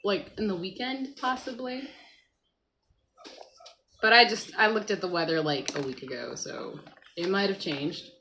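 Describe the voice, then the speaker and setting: A woman's voice: medium pitch, a little slow, pauses often, bright, forceful tone, a little hiss or hum, poor audio. A woman hosting a casual morning livestream at home, chatting to viewers, reading the chat aloud and talking to her child beside her. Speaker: livestream host. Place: at home by a computer.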